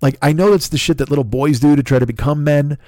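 A man's voice: on the high side, fast, dark tone, dry recording, studio quality. Profane rambling comedian in his fifties. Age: 50s. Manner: rambling, profane, self-deprecating. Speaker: comedian podcast host. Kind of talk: casual monologue.

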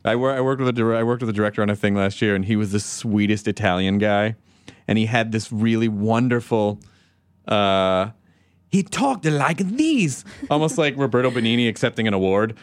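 A man's voice: fairly low pitch, steady tone, fairly quick, clean tone, dry recording. A man co-hosting a comedy podcast, chatting casually and joking around. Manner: jokey, slips into silly put-on voices. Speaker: podcast co-host.

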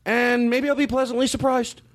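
A man hosting a podcast, talking in a halting, rambling way with many restarts and fillers, with a hint of sarcasm. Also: very high voice, flat delivery. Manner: openly sarcastic at times. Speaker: podcast host. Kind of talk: casual discussion.

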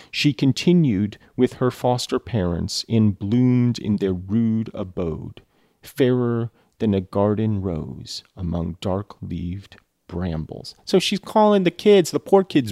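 A man's voice: lowish voice, gravelly, darkish tone, no echo, studio quality. A man reading a novel aloud and breaking off for sarcastic, irreverent commentary. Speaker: reader and commentator.

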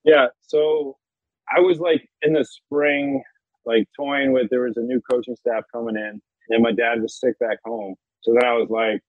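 Male athlete guest, thirties, relaxed storyteller, husky voice over a tinny phone line. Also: medium pitch, normal speed, no room sound. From South Florida. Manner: laid-back, storytelling, laughs often. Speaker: guest, NFL punter. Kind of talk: casual interview chat.

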